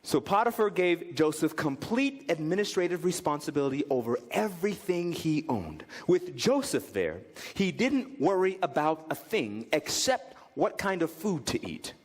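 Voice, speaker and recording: A male pastor preaching a sermon in an animated way, often slipping into the voices of the people in his examples. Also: on the high side, moderate pace. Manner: animated, acts out quoted voices. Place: church sanctuary. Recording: reverberant church hall.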